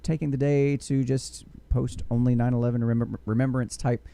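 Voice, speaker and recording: A man's voice: medium pitch, flat delivery, moderate pace, gravelly, dark tone, smooth. Joking man, podcast co-host. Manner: rambling, joking, many restarts. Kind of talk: casual chat.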